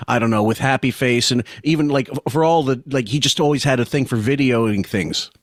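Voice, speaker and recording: A man's voice: mid-range voice, fairly quick, no room sound, clean studio sound. Brief: male podcast interviewer, casual, rambling questions.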